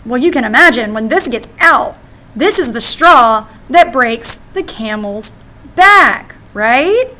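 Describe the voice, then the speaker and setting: A woman's voice: fairly high pitch, animated, slow, sharp tone. A woman teacher with an American accent, explaining slides in a recorded lesson and often checking in with "right?". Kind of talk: recorded classroom lecture.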